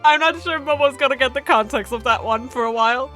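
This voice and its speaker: A giggly young woman chatting over a game stream, her voice pitched a little high and very bright. Her reactions are excitable, and faint music plays under her commentary. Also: fast.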